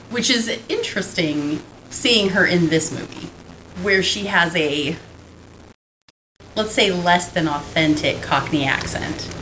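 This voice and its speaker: A woman's voice: on the low side, background noise. A woman co-hosting a podcast, chatting casually about an old film, laughing often and restarting her sentences. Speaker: podcast co-host.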